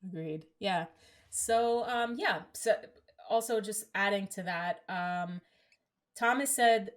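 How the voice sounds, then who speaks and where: A woman's voice: medium pitch, takes it slowly. A woman co-hosting a podcast in casual chat, reading out reviews with plenty of fillers. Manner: reads out reviews, chatty with many fillers. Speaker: podcast co-host.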